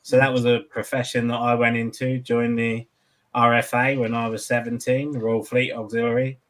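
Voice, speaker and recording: An English man in his forties, a guest telling his story in a relaxed, earnest way. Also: medium pitch, normal speed. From England. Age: 40s. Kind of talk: casual chat.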